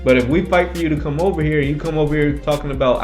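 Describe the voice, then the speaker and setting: A man's voice: fairly high pitch, fast talker, faint music behind. A man hosting his own commentary channel, arguing his points emphatically and repeating them for stress. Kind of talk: opinionated casual commentary.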